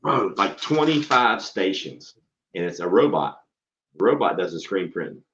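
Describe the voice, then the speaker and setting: This is a blunt man with a low, deep voice who swears freely and tells stories with animated energy. He is a schoolteacher chatting on a casual show. The recording sounds dull and lo-fi. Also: moderate pace, slight background noise. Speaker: podcast host and school teacher. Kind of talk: casual profane chat.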